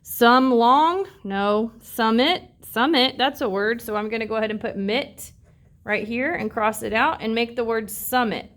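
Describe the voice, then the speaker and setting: A woman teaching a phonics lesson, her voice sitting a little on the higher side. She talks students through a worksheet with patience and slows down to sound out each word syllable by syllable. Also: fairly even intonation, fairly bright tone.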